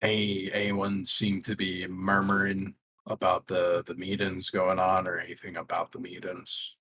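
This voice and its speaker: A man at a tabletop game stating his character's moves in plain, decisive terms. His voice sits low and sounds husky. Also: completely flat delivery, a little slow, bright, forceful tone. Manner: plain, decisive, describes actions. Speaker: player. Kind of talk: tabletop role-play.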